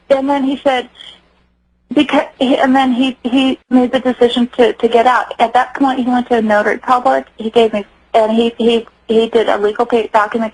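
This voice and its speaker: A woman's voice: fairly high pitch, husky, low-quality recording. A middle-aged woman telling her personal story earnestly as a radio interview guest, often stopping and restarting. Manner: earnest, acts out quoted voices, halting restarts. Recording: radio broadcast.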